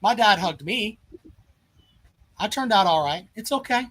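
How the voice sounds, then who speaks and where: A man's voice: high-pitched, expressive, a little slow, a bit bright, poor audio. A man hosting a sports call-in show, taunting a caller over and over in a mock-polite way. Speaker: sports talk host. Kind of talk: call-in radio banter.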